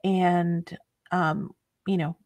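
A woman's voice: lowish voice, level tone, drawn-out words, darkish tone. A woman hosting a casual craft livestream, chatty and a bit scattered, often laughing. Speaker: craft channel host.

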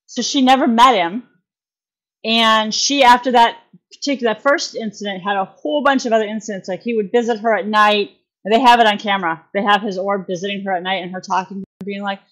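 A woman's voice: medium pitch, fairly even intonation, fast talker, a bit bright. A woman guest on a podcast, explaining at length in a casual, rambling way, full of fillers and restarts and folksy phrasing.

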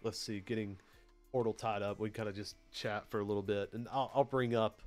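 A man's voice: fairly low pitch, steady tone, brisk, darkish tone, soft background music. Chatty Southern US man teaching. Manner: rambling, chatty, many fillers. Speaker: PLC training host. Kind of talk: casual live-stream technical lesson.

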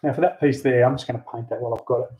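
A man giving a relaxed, chatty how-to while working on a hobby model at home, talking into a handheld camera. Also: medium pitch, racing. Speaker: hobby model builder, channel host. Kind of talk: casual how-to crafting chat. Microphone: handheld camera mic. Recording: dull lo-fi camera audio.

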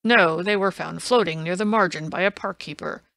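A woman voicing a brash, blustering male police inspector in an audiobook, loud and insistent. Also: fairly low pitch, normal speed, vocal fry, no echo. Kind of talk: audiobook reading.

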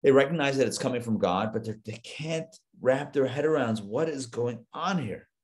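A man, a rabbi, teaching a live Torah class, retelling the story with lively asides and acted-out lines. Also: medium pitch, normal speed. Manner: animated storytelling, acts out the biblical lines, chatty asides.

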